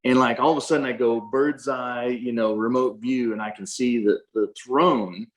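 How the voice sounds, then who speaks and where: A man's voice: medium pitch, steady tone, moderate pace, low-quality recording. A man on a video call, earnestly recounting a spiritual experience in a casual way, often restarting his sentences. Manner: earnest storyteller with frequent restarts.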